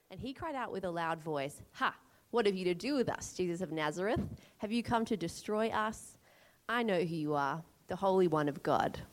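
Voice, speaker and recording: A woman reads a scripture passage aloud before a sermon, steady and measured. Her voice sits on the low side for a woman. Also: rough recording. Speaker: scripture reader.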